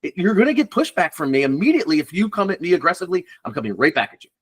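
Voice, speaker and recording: A man's voice: high voice, big pitch swings, very fast, slightly rough. A man who is a recruiter, chatting casually and bluntly, swearing and acting out phone calls. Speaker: recruiter guest. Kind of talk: casual podcast chat.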